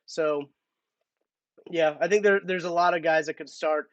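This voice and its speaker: A man's voice: fairly high pitch, steady tone, measured pace, dry recording, muffled recording. A man hosting a casual live-stream sports talk, chatty and thinking aloud with restarts. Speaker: podcast host.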